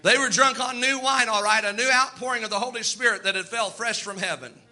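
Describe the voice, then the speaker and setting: A man preaching a sermon in a folksy, animated way, slipping into quoted asides. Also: very high voice, fairly quick.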